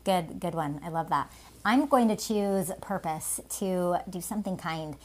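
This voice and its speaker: A woman's voice: fairly low pitch, measured pace. A woman co-hosting a podcast, affirming and reflective in a casual chat. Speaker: podcast co-host.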